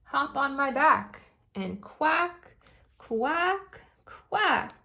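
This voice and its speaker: A woman voicing a kind father duck in a storybook, reading gently and reassuringly. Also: sits high, big pitch swings, extremely slow, pitched above the performer's own voice, full character voice. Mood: comforting. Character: kind father duck comforting his son.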